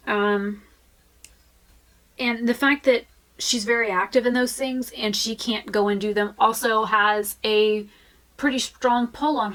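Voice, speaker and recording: A woman's voice: mid-range voice, a bit bright, poor audio. A woman vlogging in a frank, chatty way, with fillers and restarts. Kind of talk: candid casual talk to camera.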